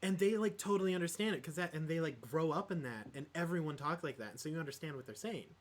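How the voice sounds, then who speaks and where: A man's voice: a little high, lively intonation, quick pace. Rambling man chatting on a podcast. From Midwest United States. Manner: rambling, many fillers and restarts. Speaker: podcast co-host. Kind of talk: casual chat about tabletop gaming.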